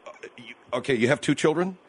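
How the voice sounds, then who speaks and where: Skeptical radio host with a husky voice. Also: male voice, mid-range voice, fast. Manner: probing, skeptical questioning. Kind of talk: call-in radio conversation.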